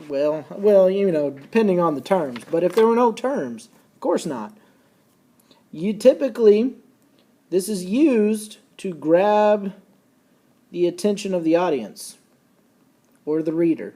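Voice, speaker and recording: A man teaching a recorded lesson, folksy and casual, slowing down and repeating key points so students can take notes. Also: high-pitched, lively intonation, warm tone. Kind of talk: recorded classroom lecture.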